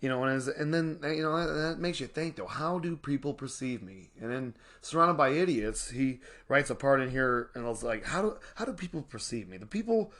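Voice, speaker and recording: A man's voice: medium pitch, moderate pace, few pauses. A man, casually rambling about his life and a self-help book, talking to viewers as y'all. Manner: rambling, animated, addresses viewers as y'all, frequent laughs. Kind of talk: casual personal storytelling and reflection.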